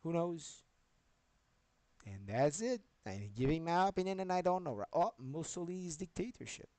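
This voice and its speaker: A man's voice: a little high, lively intonation, normal speed, a little mellow, dry recording. A man live-streaming, talking in a rambling way, swearing and jumping between topics as he goes.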